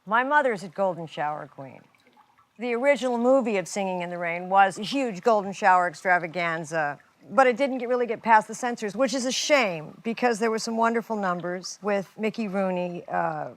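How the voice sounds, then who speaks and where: A woman's voice: mid-range voice, brisk, no room sound. Woman comic telling a joke, dry room. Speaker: comedian.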